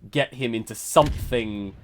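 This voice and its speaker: A man's voice: medium pitch, normal speed. Chatty British man hosting a game stream. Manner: chatty, laughs often, excitable. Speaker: stream host. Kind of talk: casual chat while gaming.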